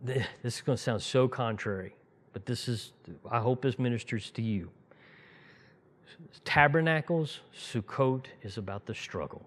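A man's voice: mid-range voice, moderate pace. A middle-aged man preaching a sermon as a pastor, telling personal stories conversationally and building into fervent preaching.

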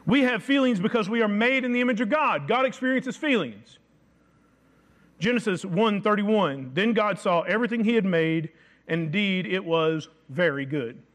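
A man preaching a sermon, reading scripture aloud and slowing down to stress key phrases. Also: high voice, expressive, a bit bright.

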